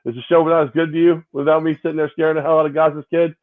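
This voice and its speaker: A man's voice: on the high side, little pitch movement, very fast. A man co-hosting a casual sports podcast, rambling and repeating his words in a self-mocking way. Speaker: co-host. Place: home, separate location due to snow. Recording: tinny phone-like line.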